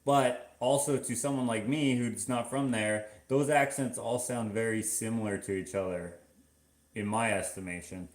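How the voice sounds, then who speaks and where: A man from Canada talks in a casual, rambling way, stopping and restarting often and leaning on fillers. His voice sits a little low. The room around him adds a noticeable echo. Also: steady tone, normal speed. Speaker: vlogger. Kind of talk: casual chat.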